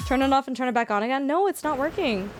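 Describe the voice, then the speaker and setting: A young woman from Canada, a streamer chatting casually with viewers while playing a farming game, self-deprecating and quick to thank people. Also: sits high, animated, over music. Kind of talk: casual livestream chat while gaming.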